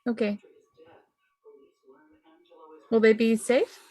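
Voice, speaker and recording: A woman's voice: fairly high pitch, little pitch movement, normal speed, mellow. A woman playing a tabletop game in character, giggly and hesitant. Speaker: player.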